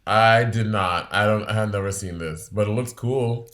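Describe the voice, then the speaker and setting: A man's voice: on the low side, normal speed, a bit bright. A man co-hosting a podcast in casual chat, blunt and profane, laughing often. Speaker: podcast co-host.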